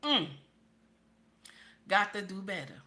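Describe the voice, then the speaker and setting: A woman's voice: mid-range voice, sing-song, takes it slowly, pushed and bright. A middle-aged woman giving preachy relationship advice to women viewers, emphatic and repetitive, speaking straight to her listeners.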